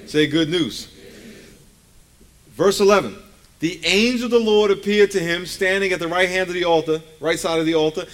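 A man preaching from the pulpit in a voice that sits a touch high. He is emphatic, calls on his listeners to repeat words and raise their hands, and slips into folksy asides. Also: moderate pace. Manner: emphatic, calls for congregation responses. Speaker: pastor. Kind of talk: sermon.

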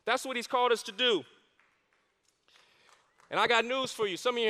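A man preaching a sermon as a campus pastor, animated and repeating his key lines for emphasis. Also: extremely high pitch, fast, pauses often. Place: church stage. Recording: long hall reverb in a church.

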